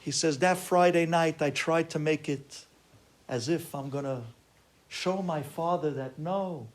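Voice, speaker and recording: A man, a rabbi, telling a story in an animated way, acting out the people in it with shouts and exclamations. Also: a little high, unhurried. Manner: acts out quoted voices, shouting and exclaiming.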